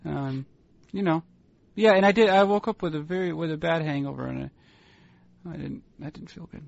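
Guy chatting loosely, kinda high voice, halting and rambly, dry dull sound. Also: creaky, no echo. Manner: rambling, halting, self-amused. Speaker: podcast co-host. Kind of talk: casual chat.

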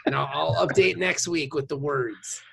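A man's voice: a little high, normal speed, vocal fry, crowd noise. A man co-hosting a podcast, chatting casually and joking with friends while watching a show. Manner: jokey, animated, trails off when unsure. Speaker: podcast co-host. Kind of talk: casual chat.

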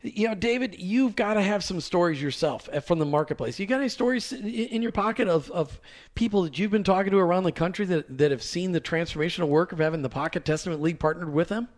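A man from New Jersey hosts a talk radio show with eager energy. His voice sits high for a man, and he spells out details twice for listeners. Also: fast. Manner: enthusiastic, repeats details for listeners.

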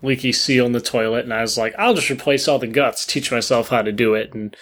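A man's voice: medium pitch, brisk, fairly bright tone. A man in casual conversation, chuckling as he tells a home repair mishap. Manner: laughs through his own stories. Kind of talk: casual chat.

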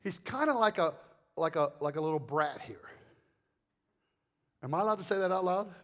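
High-voiced joking male preacher. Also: moderate pace. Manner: rambling, animated storytelling with jokes and asides. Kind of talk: sermon.

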